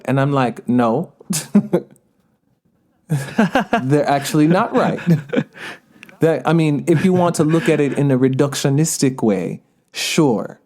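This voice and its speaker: Podcast guest, male, thirties, light Jamaican lilt, earnest and rambling, mid-pitched. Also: normal speed, darkish tone. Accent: Jamaican patois touches. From United States. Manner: earnest, digressive, laughs mid-sentence. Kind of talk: conversational interview.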